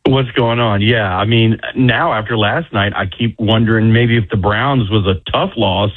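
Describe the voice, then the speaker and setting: A man calling into a radio show to chat and review a film, relaxed and conversational. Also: fairly low pitch, normal speed. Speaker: phone-in contributor and film reviewer. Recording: tinny phone line.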